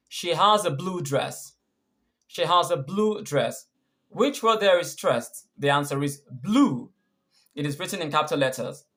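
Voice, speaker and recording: A man with a Nigerian English accent, teaching a scripted pronunciation lesson as a coach, explaining deliberately and quizzing the listener. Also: a little high, fairly bright tone. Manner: clear, deliberate explanations with repeated quiz questions.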